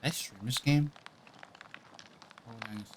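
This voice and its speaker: A man's voice: medium pitch, a little slow, a little hiss or hum. A man streaming a video game, rambling casually to himself and swearing now and then. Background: game music.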